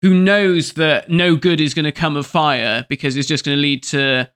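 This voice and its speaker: A man's voice: a little high, fairly even intonation, moderate pace, fairly bright tone, smooth. A man co-hosting a podcast, chatting casually and animatedly, often laughing and quoting scenes. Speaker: podcast co-host. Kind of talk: casual chat review.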